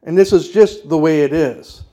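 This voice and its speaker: A man's voice: fairly high pitch, normal speed, warm tone. A man preaching a sermon as pastor, emphatic and declarative, putting rhetorical questions to the congregation.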